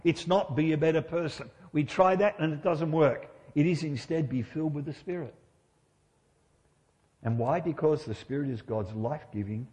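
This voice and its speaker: A man's voice: medium pitch, a little mellow, in a large hall. A middle-aged man preaching a sermon in church, conversational and humorous, often asking his listeners rhetorical questions.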